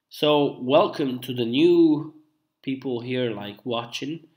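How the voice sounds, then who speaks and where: A young Italian man, feeling unwell, chats casually with his live-stream viewers. His voice has an everyday middle pitch and a darkish tone, and he rambles, backtracks and fills pauses with ums and uhs.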